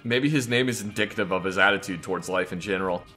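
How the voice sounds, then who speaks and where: Bright-voiced man joking over gameplay. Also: low voice, quick pace, soft background music. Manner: joking, laughs often. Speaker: co-host playing a game. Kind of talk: casual gameplay banter.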